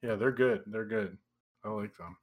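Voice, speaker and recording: A man's voice: fairly low pitch, normal speed. A man in casual podcast chat, making wry remarks.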